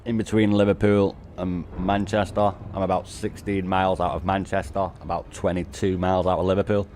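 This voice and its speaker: A laid-back man in his forties hosts a game live stream, chatting with viewers in a fairly low voice. He laughs a lot and swears freely as the banter goes on. A faint hiss of noise sits under the voice. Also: little pitch movement, brisk, a little mellow. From Warrington, northwest England. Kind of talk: casual live-stream chat.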